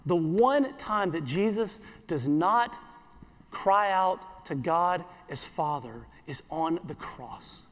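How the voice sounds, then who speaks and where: High-voiced man preaching in a reverberant hall. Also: lively intonation. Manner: earnest, repeats phrases, slows for quoted scripture. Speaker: pastor. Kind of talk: sermon.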